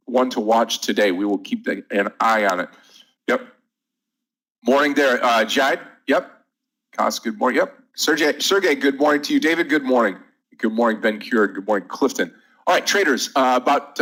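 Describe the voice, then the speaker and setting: A man's voice: mid-range voice, a bit bright, poor audio. A man hosting a live day-trading room, running through market numbers and greeting viewers by name in an upbeat, chatty way.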